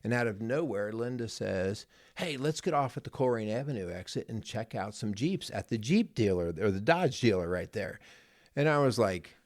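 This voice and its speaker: Speaking at a moderate pace in a lowish voice with lively intonation, the marriage coach relates a personal anecdote during casual podcast talk. He rambles earnestly and repeats words, and the recording is clean studio audio with no echo.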